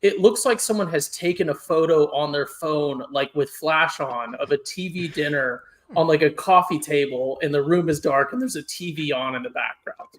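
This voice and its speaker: Animated man ranting in casual chat. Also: a little high, moderate pace, few pauses. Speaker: podcast co-host. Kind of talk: casual food-ranking chat.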